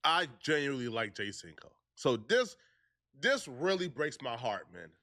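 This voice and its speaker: A man's voice: medium pitch, sing-song, moderate pace, sharp tone. A man commenting on a played video in a casual, earnest way.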